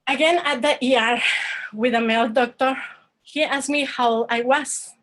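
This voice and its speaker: A woman, telling a personal story in an earnest, halting way over a video call. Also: sits high, steady tone, fairly bright tone, poor audio. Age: 40s. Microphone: online video call.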